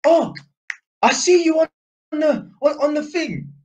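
A man doing a Cockney accent to voice an excitable, starstruck man in a shop. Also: measured pace, a little hiss or hum, heavily acted. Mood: starstruck, excited. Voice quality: high, shouty, excited.

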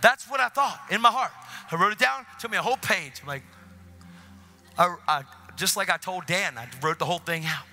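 A man preaching an energetic sermon in a church, telling a story and acting out both sides of the conversations, with sudden excited shouts. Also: sits high, fairly quick, soft background music.

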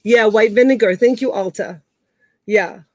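A woman's voice: medium pitch, a little slow, darkish tone, no room sound. Chatty fifty-something woman running an auction. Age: 50s. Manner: chatty, reads out bids and greets viewers by name. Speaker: live auction host. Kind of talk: casual live-stream auctioneering. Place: home.

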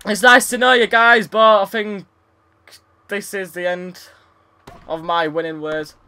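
A man's voice: sits high, steady tone, measured pace, sharp tone, slight background noise. A young man commentating his tennis game, frustrated, swearing and sarcastic. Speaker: gaming YouTuber. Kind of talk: let's play commentary.

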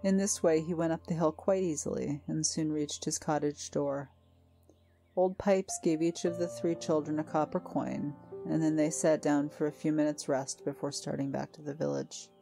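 Low-voiced woman storyteller. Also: steady tone, normal speed, gravelly, dark tone. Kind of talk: storybook narration. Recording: faint music behind.

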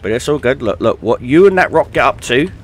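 A man's voice: mid-range voice, expressive, fairly quick, slight background noise. A young British man giving casual, joking gameplay commentary, with lots of ums and uhs. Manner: chatty, joking, many fillers. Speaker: gaming YouTuber.

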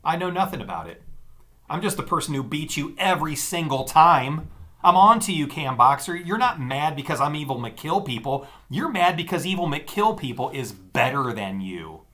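A cutting, sarcastic teenage girl from an audiobook, as a male narrator puts her on, her voice pitched well up and bright. She speaks with a forceful edge and a lively, swooping delivery. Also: normal speed. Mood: mocking. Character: angry scornful teenage girl, the narrator's sister. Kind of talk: audiobook dialogue.

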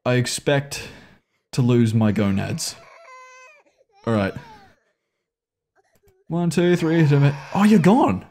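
A man's voice: medium pitch, slow, pauses often, darkish tone. A man nervously talking through a horror game, swearing often and coaxing the characters on screen. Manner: nervous, swears often, voice leaps up when startled; coaxes and scolds characters on screen. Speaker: gaming video host. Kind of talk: anxious horror-game commentary.

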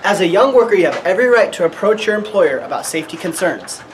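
A man's voice: high-pitched, lively intonation, fast, a loud crowd, low-quality recording. A young man on an amateur film set, delivering lines and chatting casually. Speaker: amateur actor.

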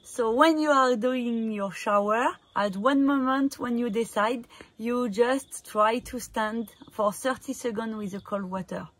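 A woman with a French accent, a native French speaker, giving casual wellness tips in a hesitant, halting way with many fillers and frequent laughs. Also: on the high side, no room sound. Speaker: wellness coach. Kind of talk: casual instructional vlog.

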